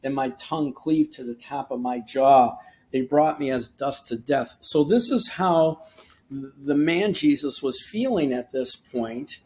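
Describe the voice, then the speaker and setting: A man's voice: a little high, a little mellow. A man hosting a short devotional podcast, teaching earnestly and reading scripture aloud with emphasis, often restarting his sentences. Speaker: podcast host and preacher.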